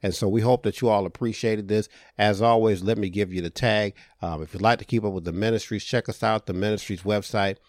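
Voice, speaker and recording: A middle-aged man hosting a podcast as a minister, talking earnestly and warmly about being a father, often repeating words as he goes. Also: fairly low pitch, fairly even intonation, fairly quick, hardly any pauses, dry recording, studio quality. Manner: earnest, heartfelt, with frequent repetitions and restarts. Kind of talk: reflective podcast monologue.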